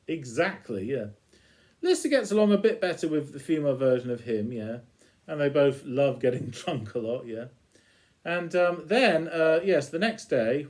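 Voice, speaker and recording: A man's voice: fairly high pitch, expressive, normal speed, a little mellow. A man casually retelling a TV episode as a reviewer, chuckling between lines.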